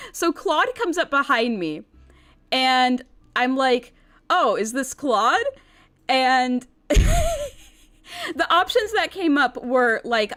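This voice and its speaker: A woman streaming a game into a desk microphone, excitable and giggly, rambling with many restarts. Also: a little high. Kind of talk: casual game let's-play.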